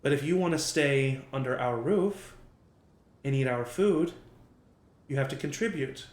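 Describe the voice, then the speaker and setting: A man's voice: medium pitch, a little slow, natural voice. A man voicing a stern male settlement leader who talks firmly and bluntly but with care. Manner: firm, blunt, plain-spoken. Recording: echoey room.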